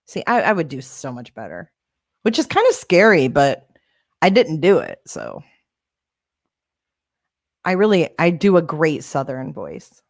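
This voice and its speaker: A woman with a lowish voice that swings up and down a lot, hosting a casual livestream and replying to viewers. She talks in a sarcastic, defensive way, and her voice sounds dry and close with no room echo. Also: wildly swooping pitch, unhurried, pauses often. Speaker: livestream host. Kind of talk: casual livestream chat reading comments.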